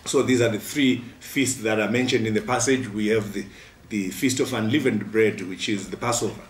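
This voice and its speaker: A man giving a midweek devotion as a pastor, earnest and steady, with frequent pauses. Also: on the low side, slight background noise. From Zimbabwe. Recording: roomy sound from a distant mic, faint music.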